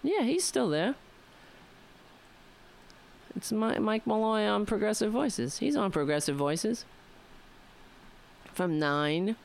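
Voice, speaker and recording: Woman talk radio host, New York accent, rambling and wry, smooth clear voice. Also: medium pitch, expressive, slow pace, long pauses. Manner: rambling, wry, talks to listeners directly. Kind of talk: casual political talk radio monologue.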